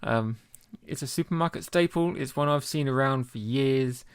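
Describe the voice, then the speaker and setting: A man of middling pitch hosts a casual beer podcast, chatty and given to laughing between sentences. The recording is dry and close, with no room around the voice. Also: moderate pace, clean tone, no echo. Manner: chatty, laughs often, many ums. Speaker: podcast co-host.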